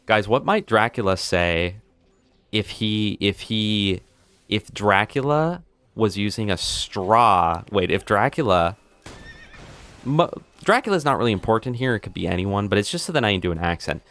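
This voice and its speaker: A man streaming a game live, telling rambling pun jokes to his chat and bursting into excited reactions. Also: normal speed, dry recording, faint music behind. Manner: animated, jumps into high excited outbursts. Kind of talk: live gameplay commentary.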